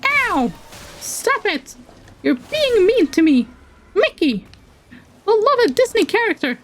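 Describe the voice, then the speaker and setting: A woman voicing a whiny cartoon mouse man in a high, squeaky impression. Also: sing-song, takes it slowly, full character voice.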